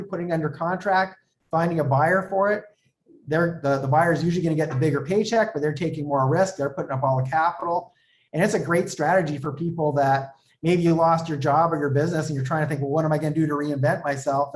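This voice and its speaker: A man who coaches real estate investors, explaining as an interview guest and telling stories with quoted dialogue. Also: fairly high pitch. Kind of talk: conversational explaining with anecdotes.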